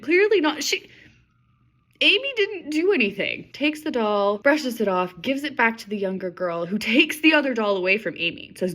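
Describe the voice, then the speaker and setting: Lively bright-voiced woman reading with wry asides. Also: medium pitch, brisk. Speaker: author reading her own old story. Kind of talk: reading aloud with joking commentary.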